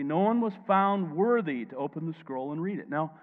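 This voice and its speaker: A man preaching a sermon as pastor, emphatic, dropping quiet and then rising loud, and calling on listeners to answer back. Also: on the high side, animated, normal speed. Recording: tinny phone-like sound, long hall echo.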